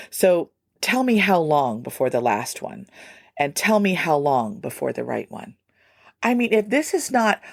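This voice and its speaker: A woman hosting a solo music podcast, chatty and animated with self-deprecating asides. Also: medium pitch, no room sound, studio quality. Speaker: podcast host. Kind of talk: casual solo podcast talk.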